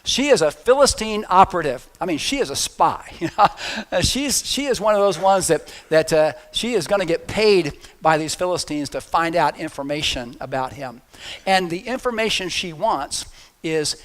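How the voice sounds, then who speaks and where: A man preaching a sermon with a high-pitched voice. He tells the story casually and jokes along the way, with a storytelling manner. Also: lively intonation, moderate pace, fairly bright tone. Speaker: pastor.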